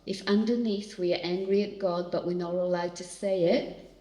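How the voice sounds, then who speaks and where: A woman's voice: lowish voice, steady tone, moderate pace, mellow. Earnest woman teaching in echoey hall. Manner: earnest, talks directly to audience members. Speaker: seminar speaker. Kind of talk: conversational church teaching.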